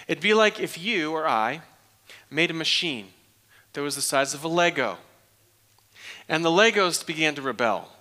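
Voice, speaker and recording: A man preaching a sermon as pastor, animated, swinging from loud emphatic questions down to a hushed near-whisper and repeating phrases for emphasis. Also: fairly high pitch.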